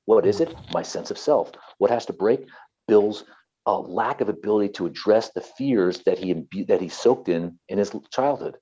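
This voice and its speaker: Deep-voiced man preaching about emotions. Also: moderate pace, warm tone, husky, lo-fi sound. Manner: passionate, preachy, repeats himself. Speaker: guest, therapist and author. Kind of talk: earnest interview talk.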